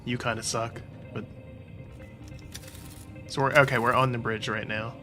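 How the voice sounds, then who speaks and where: A man talking casually over a game he plays, tossing in sarcastic jokes. His voice is bright and forward. Game music runs faintly underneath. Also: mid-range voice, little pitch movement, measured pace. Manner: joking, sarcastic asides. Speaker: gaming YouTuber. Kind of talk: casual let's-play commentary. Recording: game audio with music behind.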